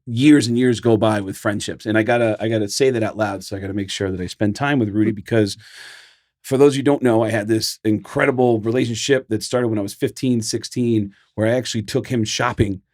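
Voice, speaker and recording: A man's voice: fairly low pitch, fairly quick, no room sound, clean studio sound. A middle-aged man, a comedian co-hosting a podcast, telling stories in casual chat and acting out what people said. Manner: animated storyteller, acts out quotes. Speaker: podcast co-host.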